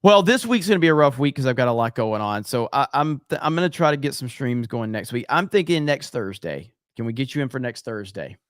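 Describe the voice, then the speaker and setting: A man's voice: medium pitch, very animated, a little fast, hardly any pauses, no echo, studio quality. A man from Alabama, co-hosting a livestream and chatting casually, swearing freely and reading out viewer comments. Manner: loose, profane, reads chat aloud. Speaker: livestream co-host. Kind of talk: casual profane stream chat.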